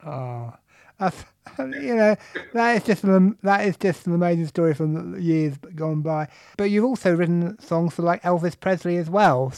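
Interviewer guy, high voice with some gravel, dry close sound. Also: moderate pace, darkish tone, dry recording. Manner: short encouraging responses. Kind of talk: interview questions.

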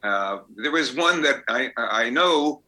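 An older songwriter telling rambling anecdotes in a casual interview. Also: male voice, medium pitch, expressive, slow pace, bright, forceful tone, poor audio. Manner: rambling anecdotes with fillers and restarts. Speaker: songwriter guest.

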